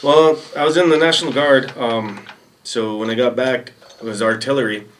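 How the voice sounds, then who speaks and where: A man's voice: mid-range voice, fairly even intonation, normal speed, fairly bright tone, recorded from a distance, a little hiss or hum. A man guest telling casual stories, rambling and laid-back. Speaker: podcast guest. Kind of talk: casual storytelling. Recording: voice a bit off-mic.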